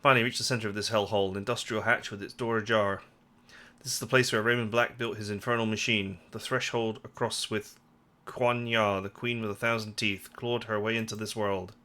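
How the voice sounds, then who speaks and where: A man's voice: lowish voice, flat delivery, fairly quick, pushed and bright. A man hosting a let's play, reading game text aloud dramatically and chatting casually about the game with lots of "like". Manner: casual asides full of "like", dramatic read-aloud of game prose.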